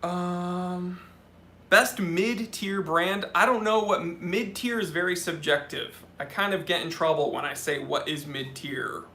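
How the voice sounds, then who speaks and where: Bright-voiced man hosting a live Q&A. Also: high voice, measured pace, slight background noise. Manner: chatty, answers questions off the cuff, talks to his cats. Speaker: watch channel host. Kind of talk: live-stream Q&A reading viewer comments.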